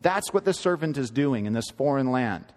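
A man's voice: mid-range voice, animated, moderate pace, darkish tone, long reverb tail. A man preaching a sermon in an earnest, emphatic teaching manner, often repeating and correcting himself.

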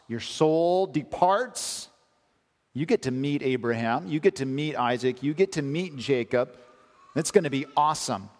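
Man preaching in a reverberant hall. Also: a little high. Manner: emphatic preaching, reads scripture aloud, rhetorical questions. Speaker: pastor. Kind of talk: sermon.

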